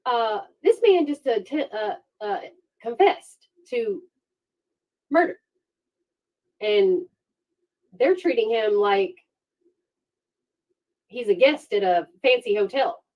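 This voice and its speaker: A woman's voice: a little high, takes it slowly, long pauses, dull audio. Sarcastic woman hosting a true-crime stream. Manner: sarcastic, animated storytelling. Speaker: true-crime livestream host. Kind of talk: casual true-crime commentary.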